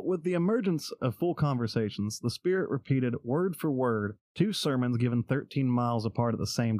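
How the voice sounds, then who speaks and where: A man's voice: mid-range voice, darkish tone, no room sound. A man co-hosting a casual podcast, reading out history notes and breaking into jokes and laughter. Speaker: podcast co-host.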